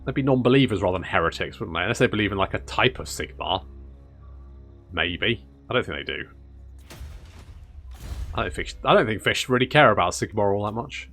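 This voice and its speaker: A man's voice: on the low side, animated, fairly quick, gravelly, long pauses, a bit bright, soft background music. A man commentating a strategy game in casual let's-play style, sarcastic and swearing as he grumbles at the game. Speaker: gaming YouTuber.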